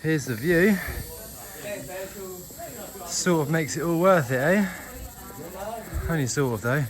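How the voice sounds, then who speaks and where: A man's voice: a little high, lively intonation, takes it slowly, crowd noise. A young man talking casually to the camera while climbing steep stairs outdoors, out of breath, chatty and self-mocking. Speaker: travel vlogger. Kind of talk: casual vlog narration while hiking. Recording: outdoor camera audio with clear background noise.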